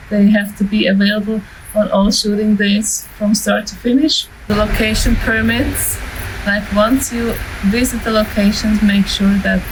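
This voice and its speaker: A woman's voice: mid-range voice, background noise. A woman explaining short-film pre-production in a casual, practical way, with light laughs and filler ums. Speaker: filmmaking instructor. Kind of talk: casual instructional talk to camera.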